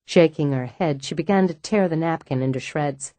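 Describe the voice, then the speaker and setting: A woman narrating a novel as an audiobook reader, in a calm, measured way. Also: deep voice, dry recording. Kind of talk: scripted narration.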